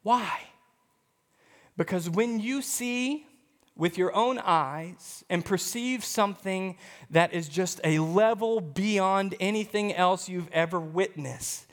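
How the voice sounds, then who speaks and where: A man pastor preaching a sermon, telling a story in an animated, emphatic way. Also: sits high, slow pace, in a large hall.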